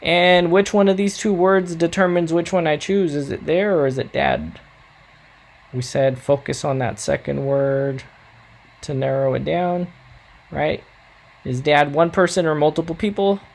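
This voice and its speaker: A man's voice: fairly high pitch, steady tone, a little slow, creaky. A man teaching a recorded Spanish grammar lesson, coaching students patiently and checking in often with "all right?".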